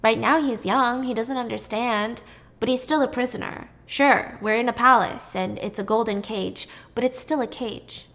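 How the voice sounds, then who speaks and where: A woman's voice: on the high side, fairly even intonation, normal speed, a bit bright. A woman voicing a weary, devoted craftsman father who speaks earnestly and confidingly.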